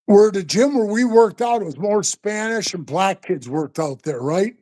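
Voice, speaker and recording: A man's voice: high voice, moderate pace. An older man in his sixties spins tall stories in a loose, casual chat. He swears freely and keeps calling the listener bro and man. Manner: profane, animated, says bro and man a lot. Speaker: guest storyteller. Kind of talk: casual storytelling.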